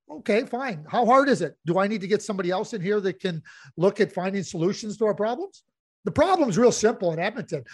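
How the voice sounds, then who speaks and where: A man hosting a sports talk show, blunt and emphatic, repeating himself for effect. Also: very high-pitched. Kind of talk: heated hockey talk.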